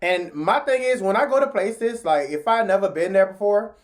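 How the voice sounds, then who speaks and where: A woman telling a story in a casual vlog, chatty and slangy, talking straight to her viewers. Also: moderate pace. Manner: animated, jumps into high pitch when acting out what people said.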